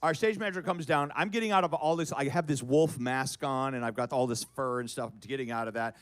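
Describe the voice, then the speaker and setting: A middle-aged man telling a comic story on a cabaret stage, animated and building to loud shouts. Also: mid-range voice, fairly quick, clean tone, dry recording. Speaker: guest performer.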